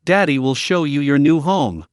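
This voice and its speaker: A man voicing a rich young father who is gentle with his little daughters and firm when giving orders to staff. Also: a little high, expressive, moderate pace, no room sound, studio quality, close to an everyday voice. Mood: fond.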